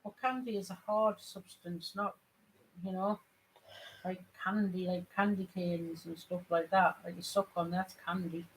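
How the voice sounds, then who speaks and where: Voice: mid-range voice, flat delivery, measured pace, a little hiss or hum, rough recording. Northeast english vlogger rambling thru a story, keeps restarting, casual chat. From Sunderland, northeast England. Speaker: family channel vlogger.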